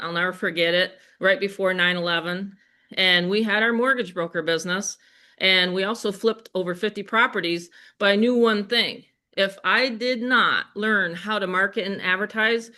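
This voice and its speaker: A woman's voice: medium pitch, bright, forceful tone. An older woman and grandmother with a Western New York accent, hosting a live sales webinar in a chatty, upbeat way and asking the audience questions. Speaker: webinar host.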